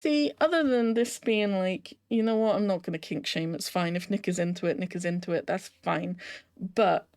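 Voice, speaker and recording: A woman's voice: medium pitch, moderate pace, darkish tone. A woman hosting a casual reaction video, chatty and emotionally invested, often laughing and tossing rhetorical questions to the viewer. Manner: talks straight to the viewer with rhetorical tag questions.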